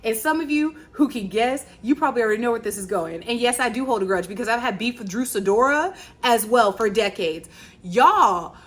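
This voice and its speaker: Woman host, 30s, from Virginia, animated and chatty, slightly high voice. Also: fairly quick. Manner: animated, chatty storytelling with slang. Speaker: podcast host. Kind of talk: casual chat.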